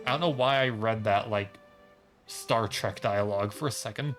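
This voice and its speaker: A man's voice: mid-range voice, expressive, fairly quick, a bit bright, soft background music. A man streaming a video game, joking in casual commentary and reading the dialogue aloud in silly voices.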